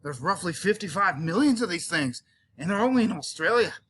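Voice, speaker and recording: A man's voice: sits high, lively intonation, fairly quick, fairly bright tone, a little hiss or hum. A male teacher with a cold, hamming it up as a safari guide in a playful mock nature documentary and tossing out Aussie slang. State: has a cold.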